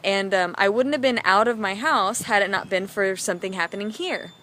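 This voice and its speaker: A woman's voice: mid-range voice, fairly quick, slight background noise. Chatty woman telling a personal story. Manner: chatty, animated, heavy use of "like" fillers. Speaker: vlogger.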